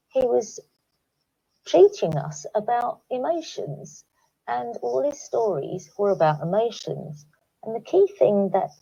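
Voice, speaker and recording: A woman speaking calmly to teachers, guiding them through reflective questions in a recorded online talk. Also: medium pitch, creaky, dull audio. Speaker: education speaker. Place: home, recorded remotely.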